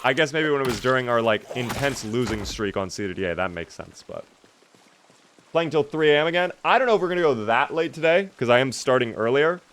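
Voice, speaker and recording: A man's voice: mid-range voice, animated, a little fast, a bit bright, slight background noise. A young man streaming a zombie survival game, chatting casually and reading out viewer questions to answer them. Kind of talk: casual gameplay commentary reading chat.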